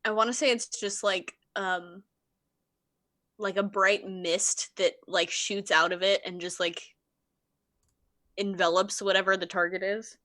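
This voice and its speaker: A woman's voice: mid-range voice, fairly even intonation, unhurried, long pauses, bright, forceful tone. A woman player in a tabletop game, talking casually and thoughtfully, and laughing often.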